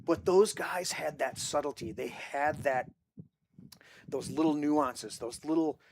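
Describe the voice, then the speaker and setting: A man's voice: a little high, measured pace, creaky, background noise. A man hosting a casual movie podcast, rambling through stories with many restarts and acting out quotes. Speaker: podcast host. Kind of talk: casual group chat about movies.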